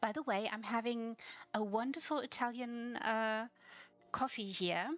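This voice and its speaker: Woman streamer, high voice, very slow and drawn-out, gushing and breathy, slightly dull lo-fi sound, faint music behind. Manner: enthusiastic, breathy exclamations, frequent soft whispers and giggles. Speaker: streamer touring player houses. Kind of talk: slow, gushing live-stream house tour.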